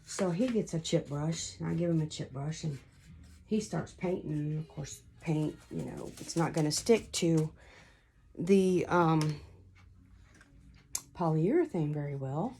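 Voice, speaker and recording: Chatty woman, low and mellow. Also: measured pace, slight background noise. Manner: chatty, rambling storyteller. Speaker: craft vlogger. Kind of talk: casual crafting tutorial.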